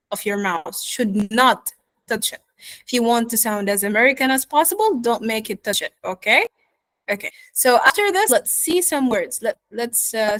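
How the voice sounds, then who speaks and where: A woman teaching pronunciation in an online lesson, modeling words slowly and checking in with her students. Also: on the high side, a bit bright, no echo, rough recording. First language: Arabic. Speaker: accent teacher.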